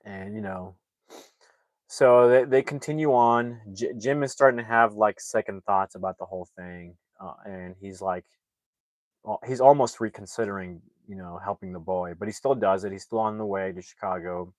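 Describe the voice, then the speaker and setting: A man's voice: fairly low pitch, moderate pace, dry recording. A man recapping a movie plot in a casual, rambling way, full of fillers and restarts. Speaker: movie reviewer.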